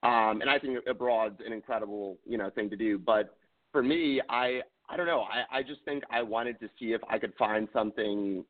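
A man's voice: lowish voice, normal speed. A young man from the New York area, a guest on a radio show, rambling with lots of fillers and sounding tired after no sleep. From New York area, USA. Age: young adult. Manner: rambling, restarts, many fillers. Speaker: guest, surf wax founder. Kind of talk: casual radio interview. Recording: tinny phone-like radio audio.

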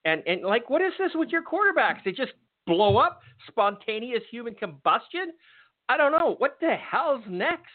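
Very animated and very high-voiced, a man tears into football topics on his podcast with sarcastic rage and lots of swearing. He talks at normal speed in a dry recording that sounds tinny and phone-like.

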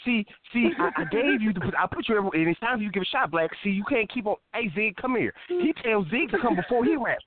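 A man with a high voice trades stories in a casual podcast chat. He tells them with animated energy, slipping into other people's voices as he quotes them. The sound is thin and boxy, like a phone line. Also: fast talker, hardly any pauses, dry recording.

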